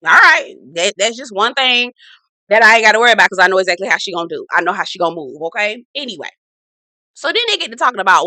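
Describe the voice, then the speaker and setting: A woman hosting a casual TV recap, sassy, animated and full of profanity. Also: mid-range voice, quick pace, no echo. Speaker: TV recap host. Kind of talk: casual chat.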